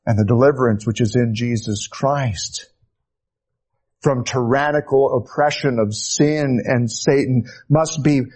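A man preaching a sermon, slow and deliberate, rising to fervent emphasis and sinking to hushed, soft phrases. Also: mid-range voice.

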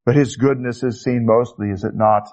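A male pastor preaching a sermon, slow and emphatic, lifting his voice on key words. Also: medium pitch, steady tone, a little mellow.

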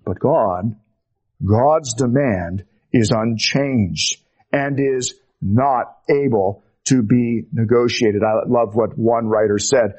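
A man preaching a sermon, slow and emphatic, dropping low and quiet on the key words. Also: husky.

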